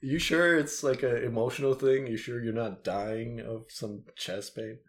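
Man, casual chat, profanity, banter, laughs, average pitch. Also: fairly even intonation, a little slow. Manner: swears a lot, banters, laughs.

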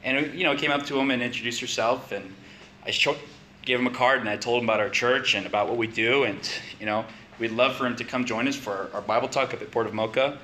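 A man's voice: medium pitch, steady tone, fast, pushed and bright, a little hiss or hum. A man preaching a conversational sermon, building to emphatic questions.

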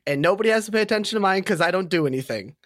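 A man's voice: high-pitched, expressive, very fast, no room sound, clean studio sound. A man co-hosting a casual gaming podcast, giggly and self-mocking. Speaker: podcast co-host.

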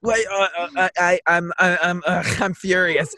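A man playing a tabletop game, joking around and breaking into laughter and loud outbursts. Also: sits high, little pitch movement, normal speed, dry recording, studio quality. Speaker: player. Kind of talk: tabletop role-play banter.

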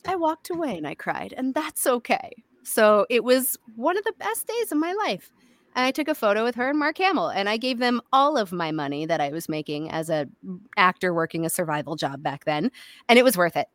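A woman voice actor chats as a guest on a podcast, spinning stories with animated energy. She slips into little voices for the lines she quotes. Her voice is of middling pitch and recorded dry and close. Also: brisk, dry recording. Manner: animated storyteller who acts out quoted lines. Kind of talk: casual podcast chat.

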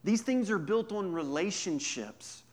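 Lively pastor, fairly high-pitched man. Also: measured pace. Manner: conversational and humorous, swinging from hushed to emphatic. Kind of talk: sermon.

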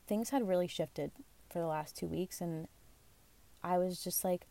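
Young woman vlogger, casual confessional storytelling, candid and rambling, gravelly and mellow tone. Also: on the low side, measured pace, long pauses. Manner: candid, rambling, self-deprecating, lots of fillers. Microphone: phone or basic mic.

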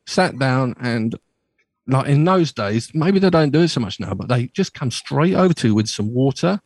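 Husky middle-aged man, rambling radio host, dry close sound. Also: mid-range voice, expressive, moderate pace, darkish tone, dry recording. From Bristol, England. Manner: rambling storyteller, many restarts. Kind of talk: casual chat on a remote call.

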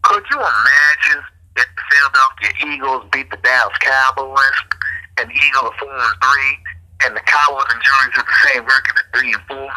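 A man's voice: mid-range voice, moderate pace, sharp tone, low-quality recording. A man co-hosting a sports podcast, teasing and bragging in casual banter, often stammering as he restarts. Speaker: podcast co-host.

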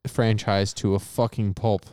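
A man's voice: fairly low pitch, flat delivery, measured pace, a little mellow, clean tone, dry recording, studio quality. A young man co-hosting a podcast in casual chat, joking crudely and laughing often. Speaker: podcast co-host.

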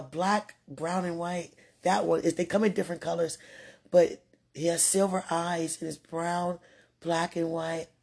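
A woman's voice: fairly low pitch, mellow, husky. A woman speaking casually and earnestly to her partner, rambling with restarts, religious phrasing and frequent laughter. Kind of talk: casual heartfelt talk.

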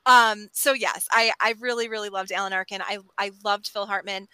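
A bright, enthusiastic woman podcast guest. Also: medium pitch, steady tone, moderate pace, clean tone, dry recording, low-quality recording. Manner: enthusiastic, laughs often. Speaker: podcast co-host. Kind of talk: casual movie podcast chat.

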